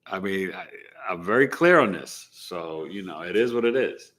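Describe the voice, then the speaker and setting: A man's voice: deep voice, moderate pace. A man from New City, hosting a live astrology stream in casual, slangy, emphatic chat. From New York City. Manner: animated, emphatic, slangy, boastful. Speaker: astrology show host.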